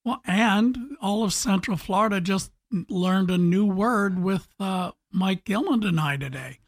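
A radio talk show host runs the conversation in a loose, chatty way. The voice is mid-pitched and laughs often. It speaks from a studio. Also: unhurried, no echo.

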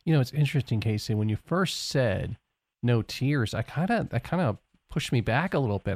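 A man hosting a talk show in a studio, reflective and animated, often checking that he understood. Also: medium pitch, normal speed, no room sound. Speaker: radio show host. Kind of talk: interview conversation. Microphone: studio microphone.

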